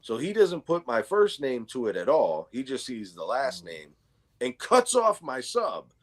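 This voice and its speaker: A man hosting a casual chat, telling a story in an animated way, acting out the quotes and swearing freely. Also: mid-range voice, moderate pace. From New York. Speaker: channel host.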